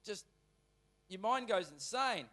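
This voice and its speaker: Speaking at a moderate pace, a male pastor with a fairly high voice delivers a church sermon. Scripture reading gives way to loose, animated talk, and his volume often jumps or drops suddenly.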